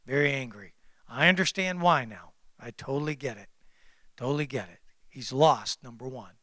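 A man preaching a sermon as pastor, emphatic and repetitive, calling out to the congregation and swinging between loud exclamations and hushed confiding. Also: mid-range voice, expressive, normal speed, no room sound, studio quality. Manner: repeats phrases and calls out to the congregation.

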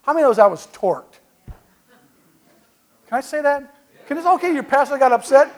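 High-voiced animated preaching pastor. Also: male voice, normal speed, pauses often. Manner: animated preaching with call-and-response; folksy storytelling, swings from quiet asides to shouts. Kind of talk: sermon.

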